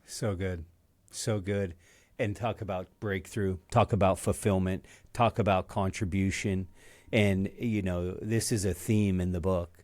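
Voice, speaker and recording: A man hosting a podcast, with a lowish voice. He sets up his question haltingly, restarting words as he goes. The sound is dry and close. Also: fairly even intonation, a little mellow, no room sound. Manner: hesitant, restarts words while asking. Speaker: podcast host. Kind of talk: interview questions.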